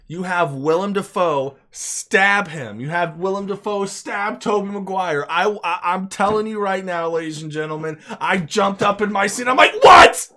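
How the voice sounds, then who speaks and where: A man giving an unscripted, casual movie review, talking in an excitable, emphatic way, swearing freely and repeating himself for emphasis. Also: high voice.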